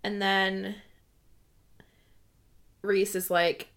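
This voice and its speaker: A woman's voice: mid-range voice, animated, unhurried, a bit bright. A woman co-hosting a casual book chat, gushing and giggly, with lots of "like" in her speech. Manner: gushing and giggly, heavy "like" fillers. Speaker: podcast co-host.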